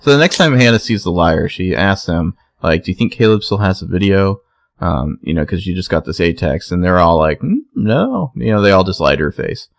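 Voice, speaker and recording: A podcast co-host recaps scenes in a casual chat, relaxed as he tells the story and acts out the characters' lines. His voice is low and fairly quick, recorded with no room sound.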